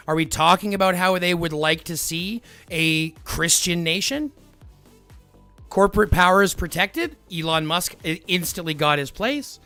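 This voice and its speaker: A man's voice: high-pitched, bright, forceful tone. A man arguing heatedly with his live-stream chat, lecturing and repeating his points. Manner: combative, lecturing, repeats himself.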